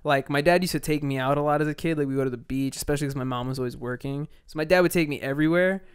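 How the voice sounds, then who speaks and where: A young man on a casual podcast, telling stories in an animated way and swearing freely. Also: a little high, rapid-fire, clear, resonant tone. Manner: animated, swearing, acts out quotes. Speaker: podcast co-host. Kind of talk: casual chat, storytelling.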